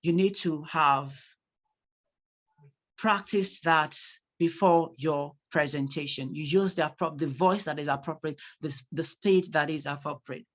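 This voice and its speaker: A public speaking teacher giving an online class over a video call, acting out examples with lively emphasis. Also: medium pitch, a little slow. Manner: animated, acts out examples.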